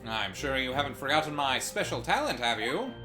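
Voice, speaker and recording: A man voicing a pompous, eccentric gentleman detective, reading game dialogue theatrically. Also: mid-range voice, very animated, a little fast, voice pushed up, natural voice. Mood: smug. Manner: theatrical, grandiose, gloating. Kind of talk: voice acting a game's dialogue. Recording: music playing behind.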